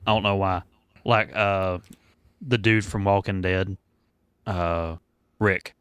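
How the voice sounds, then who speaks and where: A man co-hosting a casual podcast chat, telling stories in a relaxed way with small fillers. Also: low-pitched, slow, smooth, dry recording. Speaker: podcast co-host.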